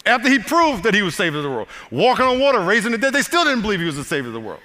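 An older man preaching a sermon as pastor, telling the story with lively, acted-out asides. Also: high voice, racing, in a large hall. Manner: animated storytelling with voiced asides.

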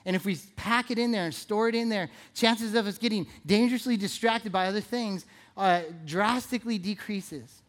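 A pastor preaching a sermon in a relaxed, chatty way, asking the congregation questions and repeating key phrases for emphasis. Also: mid-range voice. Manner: conversational, playful, asks the audience questions.

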